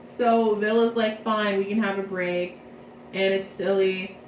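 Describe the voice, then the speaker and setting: A woman's voice: medium pitch, fairly even intonation, unhurried, echoey room, a little hiss or hum, poor audio. A young woman giving a casual plot recap from memory, chatty and slangy, rambling playfully. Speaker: vlogger.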